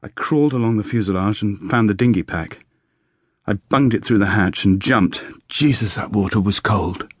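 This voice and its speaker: A man's voice: on the low side, moderate pace, slightly rough, dry recording. A man voicing a shaken young RAF bomber pilot recounting a crash, with clipped airman's slang. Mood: grim recollection.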